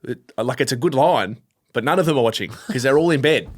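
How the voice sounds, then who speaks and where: A man with an Australian accent co-hosting a sports podcast in casual chat, opinionated and quick to laugh. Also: mid-range voice, lively intonation. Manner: opinionated, laughs easily, restarts often. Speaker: podcast co-host.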